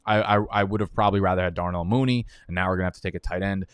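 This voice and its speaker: Low-voiced guy running a fantasy draft stream, swears a lot, rants, dry close mic. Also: fairly even intonation, very fast, hardly any pauses, clean tone, no echo. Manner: profane, heated, rambling. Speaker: fantasy football host. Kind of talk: live-stream draft commentary.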